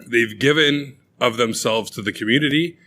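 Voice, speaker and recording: A young man co-hosting a podcast, casually and profanely retelling a movie with lively acted-out quotes. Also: medium pitch, moderate pace. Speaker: podcast co-host. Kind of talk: casual chat.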